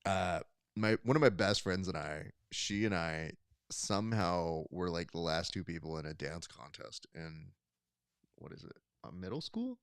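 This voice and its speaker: A man's voice: low voice, measured pace, clear, resonant tone, no room sound, clean studio sound. A man co-hosting a podcast in casual chat, telling stories and acting out quotes in other voices. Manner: animated storyteller, acts out quotes. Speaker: podcast co-host.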